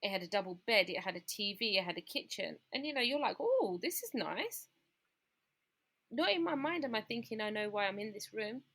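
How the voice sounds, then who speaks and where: A woman's voice: mid-range voice, expressive, fast, few pauses, fairly bright tone. A woman, a podcast guest candidly recounting a personal story and acting out what her family said. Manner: candid, acts out the voices of family in her retelling.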